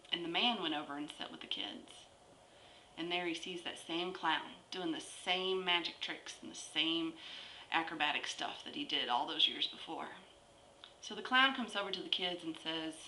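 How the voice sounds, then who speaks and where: A woman tells a long joke in a bright, forceful voice that sits a little low. She takes her time, stretching the story out with pauses between phrases. The room around her is echoey, with faint ambience in the background. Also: a little hiss or hum.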